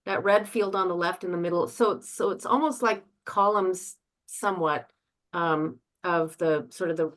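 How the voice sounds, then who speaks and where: A woman, a student in a painting class, cheerfully describing her own paintings over a video call. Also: fairly low pitch. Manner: cheerful, relaxed, with fillers.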